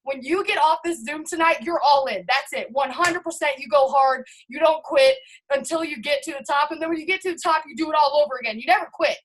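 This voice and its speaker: A woman with a bright, high-pitched voice delivers an all-in motivational pep talk to her team. She is hyped and emphatic and keeps turning to address her listeners directly. The sound comes through a video call. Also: brisk, a little hiss or hum, poor audio. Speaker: network marketing team leader.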